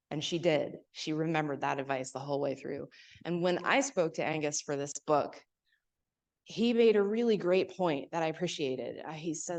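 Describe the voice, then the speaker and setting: A woman's voice: low-pitched, normal speed, a little mellow. A woman author speaking at a library event, telling stories in a hesitant way, with frequent fillers and restarts.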